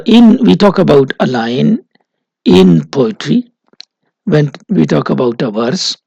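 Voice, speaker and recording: A man lectures at a slow, deliberate pace, stopping often on "uh" as he explains each point. His fairly high voice is gravelly with a husky edge. The recording is dry and close. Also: a little mellow, dry recording, low-quality recording. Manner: slow, methodical, frequent "uh" pauses.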